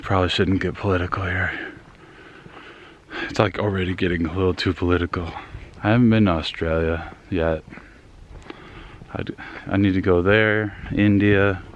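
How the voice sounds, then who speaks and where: Low-voiced young guy rambling on a walk in the woods, kinda out of breath, faint outdoor air behind him. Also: fairly even intonation, moderate pace, pauses often, lo-fi sound, slight background noise. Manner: rambling, self-deprecating, trailing off. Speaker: vlogger. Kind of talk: casual rambling vlog.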